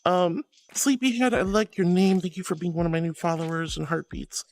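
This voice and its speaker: A woman's voice: lowish voice, steady tone, a little fast. Gushing, flustered woman streamer. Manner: gushing, flustered, laughs often. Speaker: live streamer. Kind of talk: live-stream chat thanking viewers.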